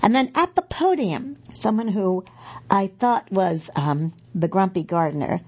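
A woman's voice: mid-range voice, lively intonation, measured pace, a little mellow, slightly rough, muffled recording. A middle-aged woman reading magazine pieces aloud for a podcast, chatty and correcting herself with asides.

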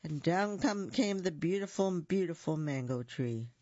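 A storyteller reading a picture book aloud, expressive and gentle, with small asides to listeners. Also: mid-range voice, measured pace, no echo. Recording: dull lo-fi recording.

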